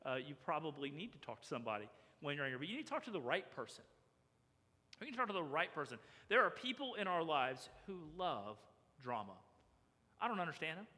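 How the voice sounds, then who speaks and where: A man preaching a sermon as pastor, animated and acting out the voices of the people in his story. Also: on the high side, fast talker, long reverb tail. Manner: animated, acts out characters' voices. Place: church sanctuary.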